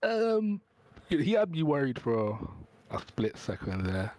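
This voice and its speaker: A soft-spoken man, a sim racing driver answering post-race interview questions hesitantly over a remote call. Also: a little high, big pitch swings, unhurried, no echo.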